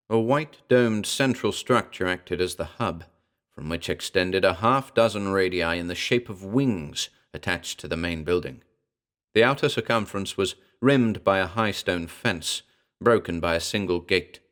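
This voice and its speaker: A man narrating a pulp horror parody as an audiobook reader, with dramatic, wry storytelling. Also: sits low.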